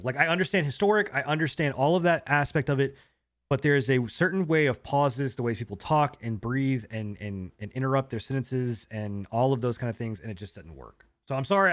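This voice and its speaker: A man co-hosting a gaming podcast, ranting in a rambling, animated way with swearing. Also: medium pitch, fast. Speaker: podcast co-host. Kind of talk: casual gaming podcast chat.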